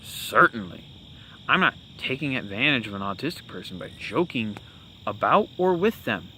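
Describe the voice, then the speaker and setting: A man's voice: medium pitch, very animated, normal speed, pushed and bright, slight background noise. A young man hosting a podcast, talking through his opinions in a casual, rambling monologue full of fillers and restarts. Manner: rambling, with many fillers and self-corrections. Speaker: podcast host.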